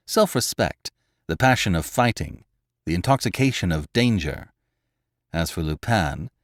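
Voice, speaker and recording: A man, host of a classic-story podcast, reading a novel aloud with dramatic, expressive storytelling. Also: deep voice, no room sound, studio quality. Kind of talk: audiobook narration of a classic novel.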